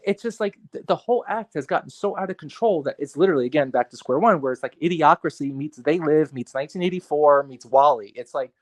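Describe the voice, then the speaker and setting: A man's voice: fairly high pitch, fast talker, few pauses. Ranting man on a podcast. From New York area. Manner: animated, profane, ranting with repetitions. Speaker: guest artist and photographer. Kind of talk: casual podcast conversation.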